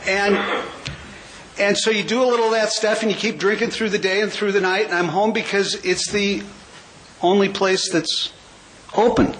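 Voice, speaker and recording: A man in his sixties from California tells his recovery story in a high voice. His delivery is wry, with quick jokes. A faint hiss sits under the talk. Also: steady tone. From California, USA. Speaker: AA speaker. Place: convention hall.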